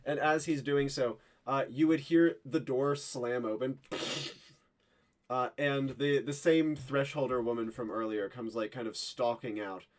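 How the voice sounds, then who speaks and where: A man's voice: medium pitch, steady tone, a little slow. A man runs a tabletop role-play as game master, in a mid-range voice. His narration is loose and casual, dotted with fillers.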